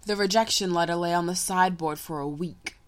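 A woman narrating a story in a measured, unhurried reading voice. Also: fairly low pitch.

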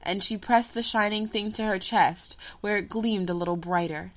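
A woman narrating a story in a measured, unhurried reading voice. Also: medium pitch.

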